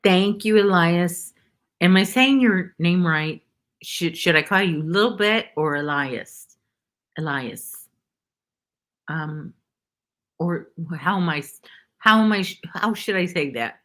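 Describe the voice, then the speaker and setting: A woman talks slowly in a rambling, chatty way while she crochets on a livestream. Her voice sits low. She greets viewers by name from her home. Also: fairly bright tone. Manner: rambling, chatty, reads viewers' names aloud. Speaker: livestream host. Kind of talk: casual chat while crocheting.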